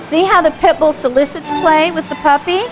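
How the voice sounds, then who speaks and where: Woman instructor, high voice, chatty class commentary over home video, music behind. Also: steady tone, a little fast, rough recording. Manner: chatty, engaged, asks the audience questions, chuckles often. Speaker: dog behavior instructor.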